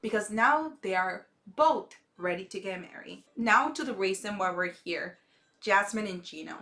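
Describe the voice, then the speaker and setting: A woman's voice: mid-range voice, animated, moderate pace, sharp tone, faint music behind. A woman hosting a recap vlog, chatty and opinionated as she gossips through a show episode. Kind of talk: casual gossip commentary.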